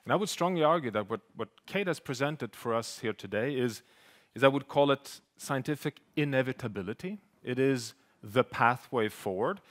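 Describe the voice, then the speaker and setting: A man with a Swedish accent speaking at a seminar, earnest and slightly halting, with a joking opening. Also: medium pitch, animated. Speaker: professor and scientist speaking at a seminar. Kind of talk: public talk.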